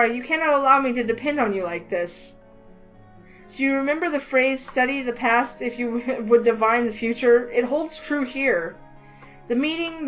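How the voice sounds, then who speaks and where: A woman's voice: high voice, fairly bright tone, rough recording. A woman voicing a shy, formal young man. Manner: polite and formal, hesitant.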